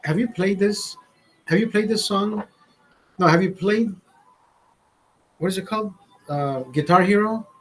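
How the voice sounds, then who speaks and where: A man with a husky, slightly higher-pitched voice chats casually from a studio, swearing freely. He wanders through his stories with frequent restarts and asides, unhurried and informal. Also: a bit bright, rough recording. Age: adult, father. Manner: profane, restarts often, storytelling. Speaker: show host. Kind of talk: casual rambling chat.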